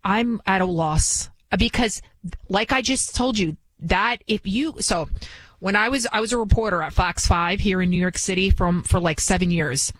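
A woman's voice: mid-range voice, moderate pace, fairly bright tone, no room sound, rough recording. Indignant woman host, rhetorical questions, dry close mic. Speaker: political commentary host. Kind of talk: opinion commentary. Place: New York City.

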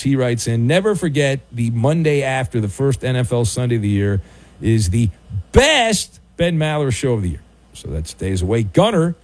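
A man's voice: medium pitch, darkish tone. A man hosting a late-night sports radio show, teasing his co-host in a dry, mock-sympathetic way and reading listener messages. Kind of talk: casual talk radio. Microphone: studio microphone.

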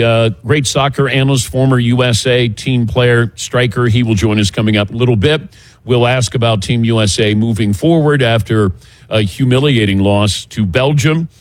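A middle-aged man hosts a morning sports radio show, chatting easily and moving through ads and the rundown. His voice sits at an ordinary pitch. The sound is dry and close. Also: dry recording. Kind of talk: casual morning show talk. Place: outdoors by a golf driving range.

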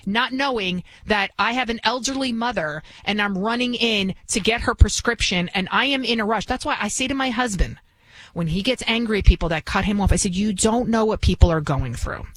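A woman's voice: mid-range voice, fairly quick, a bit bright, dry recording, rough recording. A woman in her forties, hosting a radio talk show with an indignant, ranting monologue. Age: 40s.

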